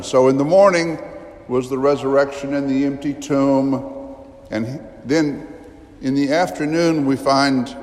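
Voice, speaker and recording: A man preaching a sermon, telling a story vividly with emphatic rises and dramatic pauses. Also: medium pitch, a little mellow. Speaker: priest. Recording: long reverb of a large church.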